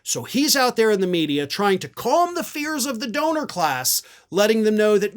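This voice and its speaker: A man's voice: sits high, very animated, normal speed, hardly any pauses. Guy ranting about politics, sarcastic, voice swings up and down a lot. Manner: sarcastic, combative. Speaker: political commentary host. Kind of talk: political commentary monologue.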